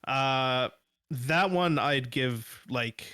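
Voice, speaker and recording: A man co-hosting a podcast, speaking in a relaxed, easygoing way with plenty of fillers. His voice sits mid-range and the sound is dry and close. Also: mid-range voice, drawn-out words, clear, resonant tone, no echo. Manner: relaxed, filler-heavy, chiming in. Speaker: podcast co-host. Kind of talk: casual chat.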